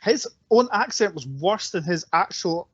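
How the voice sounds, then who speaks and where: Podcast guy, bit high voice, kinda rambly, dry dull audio. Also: animated, a little slow, breathy edge, no room sound. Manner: rambling, searches for words. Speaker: podcast co-host. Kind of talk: casual chat reviewing a film.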